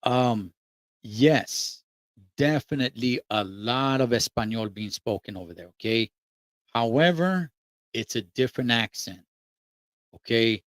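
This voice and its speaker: A man's voice: medium pitch, animated, a little slow, long pauses, no echo. Laid-back trucker man. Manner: laid-back and slangy, with lots of fillers. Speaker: trucker vlogger. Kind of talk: casual monologue.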